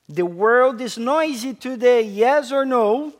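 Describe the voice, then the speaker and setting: A man preaching a sermon as pastor, slow and emphatic, asking the congregation questions and dropping to a soft hush on key phrases. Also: very high-pitched, animated.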